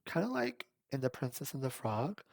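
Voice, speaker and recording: Man, podcast host, casual story monologue, laughs a lot, acts out voices, swooping pitch, dry close sound. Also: moderate pace, vocal fry, no room sound. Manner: animated, laughs often, acts out quoted voices.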